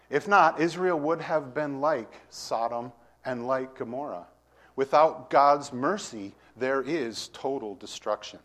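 A middle-aged man preaches with an expressive, teaching manner, swinging between loud emphasis and quiet asides. His voice sits at an ordinary middle pitch. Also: measured pace. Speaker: pastor. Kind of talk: sermon.

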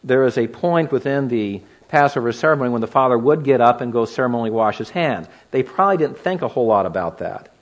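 A man's voice: mid-range voice, expressive, fast, few pauses. A man preaching an expository sermon, teaching verse by verse and asking the listeners rhetorical questions.

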